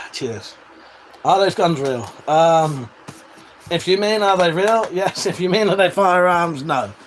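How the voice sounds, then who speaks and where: A man's voice: sits high, expressive, takes it slowly. A British man hosting a livestream, chatting casually, swearing freely and laughing often as he answers viewers. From United Kingdom. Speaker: livestream host. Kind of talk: casual livestream chat reading viewer comments. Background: faint fan hum.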